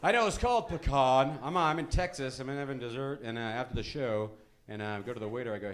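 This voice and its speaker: A man doing a rambling, deadpan stand-up comedy set on a club stage. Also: fast. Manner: deadpan, rambling, lively swings in pitch. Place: comedy club stage with live audience laughter. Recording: live club recording with audible crowd noise.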